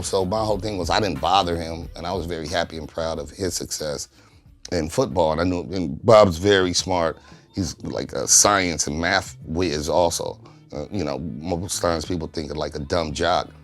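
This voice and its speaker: A very deep-voiced man speaks in a relaxed, casual interview, recounting stories with loose, profane street talk. He livens up whenever he quotes friends. Soft music plays faintly underneath. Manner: laid-back, profane, lively when quoting friends. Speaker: studio co-founder recalling its origins.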